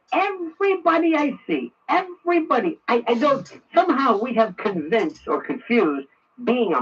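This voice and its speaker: A man's voice: extremely high pitch, a bit bright, breathy edge. A man giving a sarcastic, ranting talk radio monologue. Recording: muffled radio broadcast, distant.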